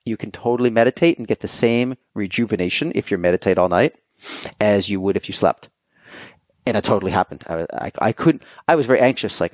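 Low-voiced man telling a story. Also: fairly quick, dry recording. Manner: animated storytelling, acting out quoted thoughts; loose and conversational, many fillers. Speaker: podcast guest. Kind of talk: casual conversation.

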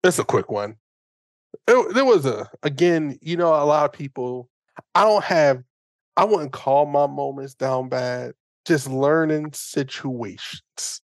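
A podcast co-host joins the casual chat with dry, teasing remarks. The voice is mid-pitched and lively in its rise and fall. The recording sounds dry and close. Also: takes it slowly, no room sound.

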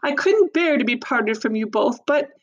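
Woman reading a gentle storybook mother, soft and halting, close to tears. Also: fairly high pitch, expressive, dull audio, voice pushed up. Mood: tender.

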